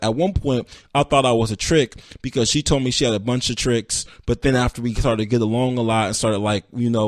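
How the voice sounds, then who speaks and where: A man hosting a podcast, retelling stories casually and acting out the people in them with sudden high-pitched outbursts. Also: no room sound, studio quality. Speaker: podcast host. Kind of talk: casual storytelling recap.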